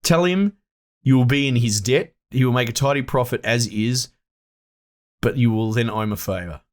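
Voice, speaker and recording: A man commentating a game he plays, reading its choices aloud and thinking out loud, excitable and self-amused. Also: medium pitch, moderate pace. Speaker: gameplay commentator.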